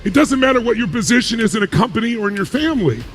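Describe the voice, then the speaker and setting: A man's voice: very high voice, expressive, very fast, faint music behind. A man giving a motivational talk, emphatic, asking rhetorical questions and answering them himself. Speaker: motivational speaker.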